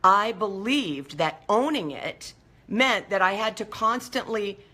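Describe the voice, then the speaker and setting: A woman hosting a motivational talk show, speaking in an animated, playful way and acting out little voices. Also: mid-range voice, takes it slowly. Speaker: show host.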